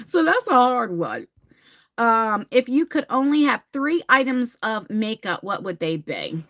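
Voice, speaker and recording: A woman in her forties chatting candidly with viewers, laughing often and rushing through some phrases. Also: mid-range voice, sharp tone. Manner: chatty and candid, laughing, bursts of fast talk. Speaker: vlogger answering viewer questions. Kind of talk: casual chat.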